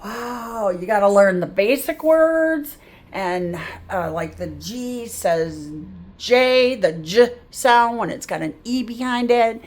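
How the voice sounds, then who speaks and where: A woman's voice: on the high side, animated, slow. A middle-aged woman teaching a phonics lesson as a reading tutor, patiently sounding out each word aloud.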